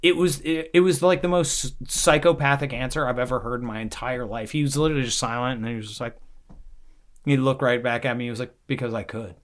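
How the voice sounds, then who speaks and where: A man's voice: medium pitch, fast talker. Blunt, swearing man. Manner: blunt, heavy swearing, emotional. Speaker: podcast co-host sharing recovery story. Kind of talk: casual chat.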